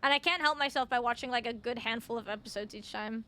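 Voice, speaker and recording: Fast-talking, with a slightly high, pushed and bright voice, this young gamer streams while chatting with viewers and greeting them by name. She swears freely and comes across as a little tired and underslept.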